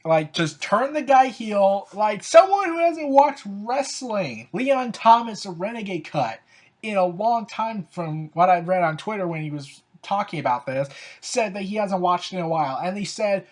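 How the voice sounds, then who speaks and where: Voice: mid-range voice, expressive, measured pace. A fan commentator talks through wrestling storylines in a loose, unscripted way. The delivery is sarcastic and openly exasperated, and it leans on "so, yeah" and "like" as fillers. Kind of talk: casual opinion commentary.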